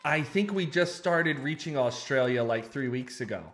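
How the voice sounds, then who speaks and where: A man's voice: medium pitch, lively intonation, normal speed, fairly bright tone. A man co-hosting a talk show, chatting casually with upbeat, laughing banter. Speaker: podcast co-host. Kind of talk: casual chat.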